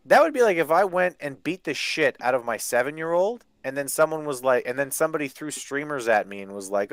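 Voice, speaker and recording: A man's voice: a little high, lively intonation, brisk, few pauses. A man co-hosting a casual podcast, ranting in exasperation and swearing a lot. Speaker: podcast co-host. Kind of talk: casual crude chat.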